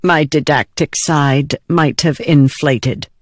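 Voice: mid-range voice, fairly even intonation, slow, no echo, studio quality, close to an everyday voice. A narrator voicing Yasna, a stern lecturing scholar. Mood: measured. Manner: precise and didactic. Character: stern scholarly woman, a lecturing adult daughter.

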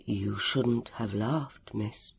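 A man voicing a hushed, solemn android servant. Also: medium pitch, fairly even intonation, slight background noise, close to an everyday voice. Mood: grave. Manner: quiet, slow and solemn, half whispered.

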